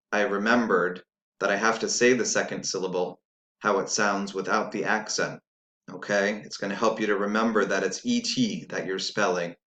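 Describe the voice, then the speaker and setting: A man's voice: fairly low pitch, fairly bright tone. A man teaching a spelling lesson, dictating sounds and words patiently and spelling letters out one by one. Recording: echoey room.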